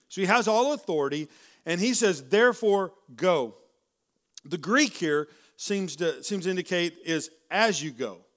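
A man preaching a sermon in a casual, conversational way, often tagging "right?" onto his points and restarting sentences, a little hoarse and clearing his throat. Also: sits high. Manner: conversational, keeps asking "right?", with many restarts. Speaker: pastor. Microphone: handheld or stage mic.

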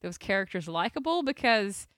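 Woman, podcast co-host, casual chat, clear smooth voice, dry sound. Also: medium pitch, moderate pace, no echo. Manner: relaxed, shares trivia and family stories.

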